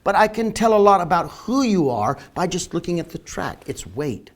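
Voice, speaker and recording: A man lecturing on marketing to online viewers, emphatic and slowing down to stress key words. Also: sits high, very animated. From northern Canada. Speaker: marketing educator. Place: Florida, near the beach.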